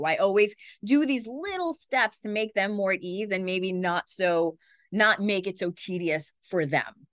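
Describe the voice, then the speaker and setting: Fast-talking woman news anchor, dry sound. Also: lowish voice, no echo. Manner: fast, animated talker who acts out quotes. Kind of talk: conversational interview.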